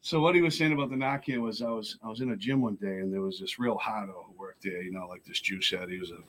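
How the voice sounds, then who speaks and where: A man's voice: lowish voice, fast talker, a little hiss or hum. A middle-aged man, a podcast guest telling his recovery story in a rambling, profane way full of "you know". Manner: rambling, profane, frequent 'you know'. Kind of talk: casual storytelling.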